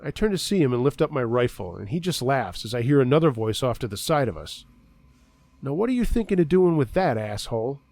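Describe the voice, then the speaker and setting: A man's voice: mid-range voice, darkish tone, no room sound. A man narrating a true scary story in a conversational first-person way.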